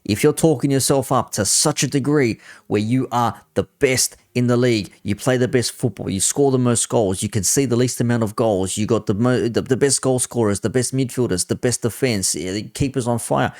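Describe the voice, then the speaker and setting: A man's voice: medium pitch, moderate pace, hardly any pauses, a little mellow, no echo, studio quality. A man on a football panel, speaking as a Liverpool fan in a blunt, sweary, ranting debate.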